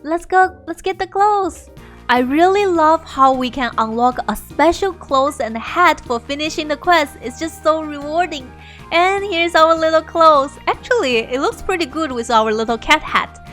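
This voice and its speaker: A woman's voice: high-pitched, animated, moderate pace, a bit bright, faint music behind. A young woman hosting a game video, commenting on a playthrough in a bubbly way and often laughing.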